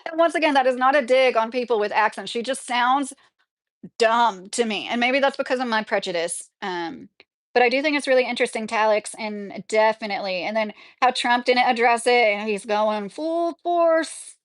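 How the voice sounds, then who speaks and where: A woman with a slightly high voice hosts a casual live chat. She talks back to her viewers' comments in a loose, chatty way and laughs often. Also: moderate pace. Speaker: livestream host reading viewer comments.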